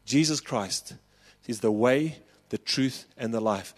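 A South African man in his forties preaching a sermon, telling a personal story with passion and rising to loud calls. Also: mid-range voice, slow, long reverb tail. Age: 40s. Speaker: pastor.

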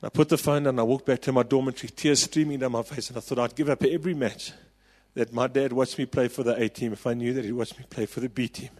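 South African pastor preaching in a reverberant hall. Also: male voice, medium pitch, fairly even intonation, fast talker, hardly any pauses. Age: 40s. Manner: impassioned storytelling, building to loud calls. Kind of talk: sermon.

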